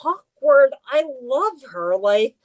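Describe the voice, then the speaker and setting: A woman's voice: high voice, big pitch swings, takes it slowly. Rambling woman, filler-heavy casual chat. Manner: rambling, heavy use of "like", tangents. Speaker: podcast co-host.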